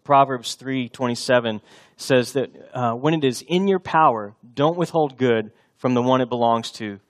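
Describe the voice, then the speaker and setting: A man's voice: medium pitch, normal speed. A man in his thirties preaching a sermon as a pastor, telling family stories in a conversational way. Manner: storytelling, conversational with the congregation.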